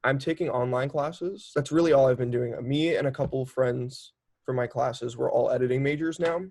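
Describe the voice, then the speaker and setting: A man's voice: mid-range voice, normal speed, creaky. A young man in his twenties, a documentary filmmaker, talking casually in an interview with many "like" fillers. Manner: chatty, lots of "like" fillers, animated storytelling.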